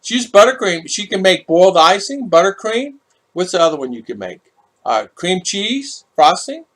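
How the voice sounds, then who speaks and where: A middle-aged man chats casually on a livestream, reading viewer comments aloud and drifting into loose stories. He talks in a rambling, repetitive way, restarting his phrases often. His pitch stays lively and animated throughout. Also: normal speed. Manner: chatty, lively storyteller.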